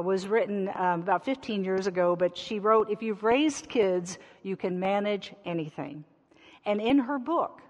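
A woman's voice: mid-range voice, long reverb tail. A woman pastor giving a chatty sermon with rhetorical questions in a church sanctuary.

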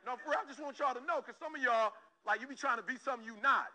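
A man from Detroit delivers a motivational talk in a very high, sharply bright voice. He speaks emphatically and keeps calling on the listeners directly, driving each point home with repetition. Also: rapid-fire, low-quality recording. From Detroit, Michigan, USA.

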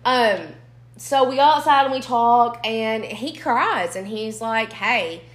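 Speaking slowly in a fairly high voice, this young podcast co-host spins casual, animated stories with blunt delivery and plenty of profanity. The room around her mic sounds echoey.

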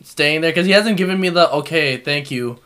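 Animated young man telling a story. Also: fairly high pitch, brisk, clear, resonant tone. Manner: animated storytelling, frequent laughs and filler. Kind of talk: casual podcast chat.

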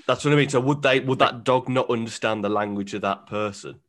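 A man's voice: mid-range voice, a little fast, a bit bright. A man co-hosting a casual podcast chat, asking the questions and steering the talk. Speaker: podcast co-host.

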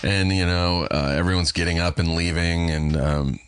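A man's voice: low voice, fairly even intonation, moderate pace, smooth, dry recording. A man hosting a podcast in casual, profane, enthusiastic chat. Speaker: podcast host.

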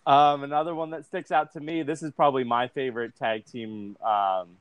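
A man's voice: mid-range voice, steady tone, normal speed, lo-fi sound, very noisy. A man hosting a casual chat, steering the talk and swearing freely. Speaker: podcast host.

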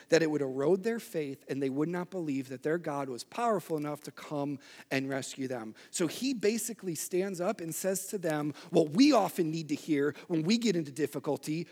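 A young man preaching a casual, conversational sermon, swinging into loud acted-out outbursts. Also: on the high side, animated, normal speed, few pauses, slightly rough. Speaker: pastor.

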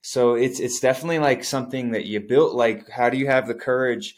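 A man's voice: mid-range voice, fairly quick. A man co-hosting a podcast, speaking in a loose, searching way with many fillers. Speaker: podcast co-host. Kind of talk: casual spiritual chat.

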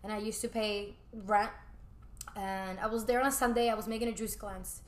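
A woman who owns a juice bar, telling a personal story in a casual podcast chat, animated and slangy. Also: medium pitch, moderate pace. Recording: roomy echo.

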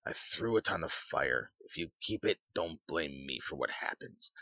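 A man's voice: very deep voice, expressive, bright, forceful tone, dry recording, full character voice. A man as a grave old soldier. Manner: grave and slow. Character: grave older soldier, solemn sergeant major. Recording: dull lo-fi sound.

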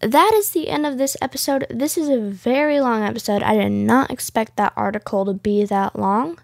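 A woman's voice: fairly high pitch, normal speed, creaky, dry recording, clean studio sound. A woman hosting a casual podcast, rambling along with plenty of "like" fillers. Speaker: podcast host.

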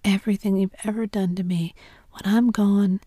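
A woman's voice: medium pitch, steady tone, normal speed, dark tone, dry recording, studio quality, natural voice. Tom Sawyer, a whispered woman doing a mischievous boy. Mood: plaintive. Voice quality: whispered, groaning, plaintive. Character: boy, mischievous, faking illness. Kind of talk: whispered role-play.

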